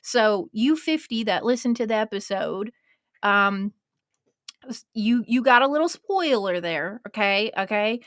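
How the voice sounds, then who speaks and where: A woman's voice: mid-range voice, expressive, measured pace, a bit bright, no room sound, clean studio sound. A woman in her twenties hosting a podcast, chatting casually and emotionally and swearing now and then. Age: 20s. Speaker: podcast host.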